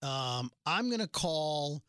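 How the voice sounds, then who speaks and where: A man with a fairly high, clean voice speaks slowly in a dry, studio-quality recording. Co-hosting a podcast, he casually recaps a TV episode, recounting scenes, reading lines out flatly and swearing along the way.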